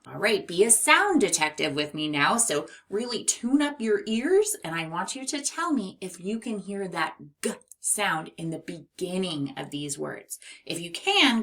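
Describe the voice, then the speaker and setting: A woman teaching young children a phonics lesson, speaking clearly and encouragingly. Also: on the low side, bright, forceful tone. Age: adult.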